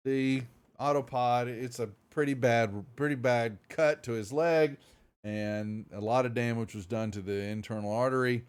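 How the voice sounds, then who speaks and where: A man's voice: mid-range voice, fairly even intonation, moderate pace, smooth. Rambling male game master. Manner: loose, rambling narration with fillers. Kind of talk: narrating a tabletop game.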